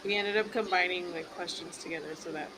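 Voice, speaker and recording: A woman's voice: fairly low pitch, fairly even intonation, a little fast, bright, forceful tone, slight background noise. A woman co-hosting a casual group chat, moderating the talk and laughing often. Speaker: co-host.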